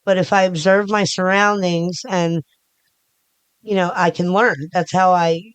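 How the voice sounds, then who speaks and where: A woman's voice: fairly low pitch, fairly even intonation, unhurried, clear, resonant tone, no room sound. Middle-aged woman from Philly, rambling. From Philadelphia area. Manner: rambling, restarts often, talks with her hands. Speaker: podcast guest. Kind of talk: casual interview chat.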